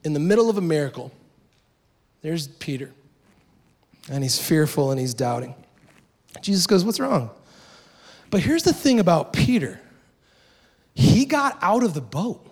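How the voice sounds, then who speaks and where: A male pastor delivers a lively sermon and talks to the congregation like he's chatting with friends. His voice sits a little on the high side, and he slips into quick acted-out asides between the teaching. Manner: conversational, animated preaching with acted asides.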